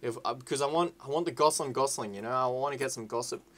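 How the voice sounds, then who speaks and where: A young man rambles through casual commentary over his gameplay. He is rowdy and sweary, jumping between excitable shouting and low muttering. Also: fast talker. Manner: rowdy, sweary and excitable, swinging to loud whining outbursts. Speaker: gaming YouTuber. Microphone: desk mic with webcam.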